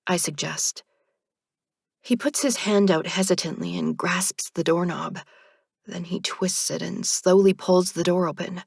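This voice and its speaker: A woman reads a first-person audiobook in a measured, even manner, slow and low-pitched. Her voice is husky with a gravelly texture, and the close recording is dry. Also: no echo. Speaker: audiobook narrator.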